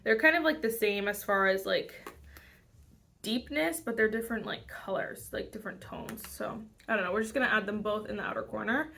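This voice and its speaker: A woman's voice: mid-range voice, brisk, gravelly, sharp tone, a little hiss or hum. A young woman chatting casually through a makeup tutorial, rambling with lots of fillers and restarts. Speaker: beauty vlogger.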